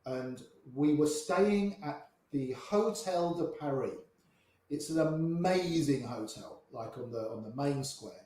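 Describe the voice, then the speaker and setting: Speaking slowly in a mellow, slightly high voice with lively intonation, a grey-haired older man tells poker stories as an interview guest. He performs the voices of the characters he quotes, in an echoey room.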